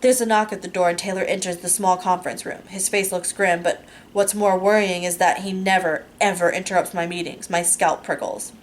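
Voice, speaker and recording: A woman reading a first-person novel aloud, steady and unhurried, with small self-corrections. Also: fairly low pitch, slight background noise. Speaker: audiobook narrator.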